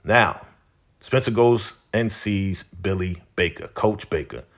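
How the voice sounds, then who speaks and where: A man's voice: on the low side, takes it slowly. A man hosting a TV episode recap in casual spoken narration, conversational and repetitive, leaning on "you know" as he goes. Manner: conversational, repeats phrases, leans on "you know".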